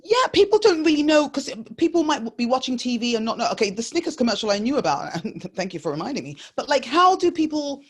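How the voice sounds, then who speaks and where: A woman's voice: high-pitched, sing-song, fast talker, few pauses, breathy edge. A woman from London hosting a casual interview over a video call, gushing and playful. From London, England. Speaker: podcast host.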